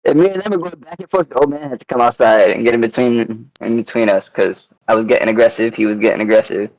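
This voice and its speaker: A man chatting casually on a podcast, telling a story in an animated way, swearing and acting out what people said. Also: medium pitch, fast, poor audio. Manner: animated, swears a lot, acts out quotes. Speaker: podcast co-host. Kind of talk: casual chat.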